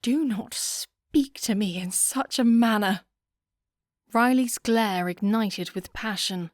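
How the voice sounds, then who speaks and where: A woman narrating a romance audiobook in a calm, even storytelling manner. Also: mid-range voice, no echo, studio quality.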